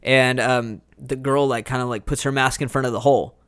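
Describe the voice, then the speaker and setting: A man's voice: mid-range voice, fairly even intonation, a little fast, a bit bright, smooth, no room sound. A man co-hosting a casual movie review podcast, retelling scenes with acted-out quotes. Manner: rambling, acts out scenes with quoted voices. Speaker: podcast co-host.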